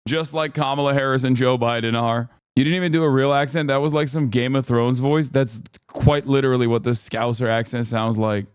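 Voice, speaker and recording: Man, livestream reaction, sarcastic swearing rant, smooth clear voice, dry close sound. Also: medium pitch, brisk, few pauses, no room sound. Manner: profane, sarcastic, animated ranting. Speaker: streamer reacting to video.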